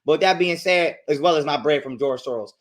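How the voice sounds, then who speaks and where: A man's voice: on the high side, brisk. A man ranting crudely and emphatically as a guest on a livestream. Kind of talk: profane livestream rant.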